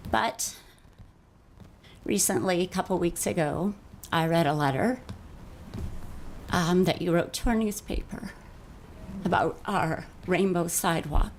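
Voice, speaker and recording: A woman city councillor giving an earnest speech at a council meeting, halting often with fillers. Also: on the low side, a little hiss or hum.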